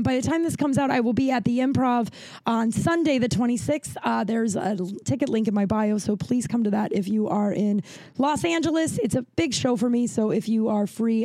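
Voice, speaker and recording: A woman's voice: on the high side, darkish tone, no echo. A woman in her forties hosting a podcast, telling stories in a casual, chatty way full of "like". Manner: chatty, peppered with "like". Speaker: podcast host. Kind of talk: casual storytelling.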